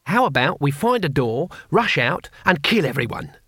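A man's voice: a little high, big pitch swings, moderate pace, a bit bright, husky, no echo, studio quality, full character voice. A man voicing a very old, deaf, bloodthirsty male barbarian who blurts blunt questions. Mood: eager.

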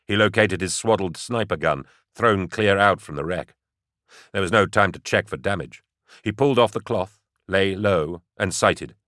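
A man narrating an audiobook in steady, measured storytelling. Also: sits low, no echo, studio quality. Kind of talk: scripted narration.

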